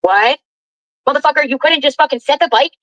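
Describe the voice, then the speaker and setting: Woman, high-pitched, rapid, profane indignant rant, livestream from a car. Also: a bit bright, no room sound, dull audio. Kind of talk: ranting livestream while driving.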